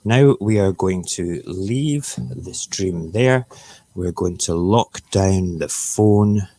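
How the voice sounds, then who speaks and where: Low-pitched and warm, this slow-paced Scottish voice belongs to an Edinburgh man running a laid-back morning live stream. He rambles and chats as he cooks and eats.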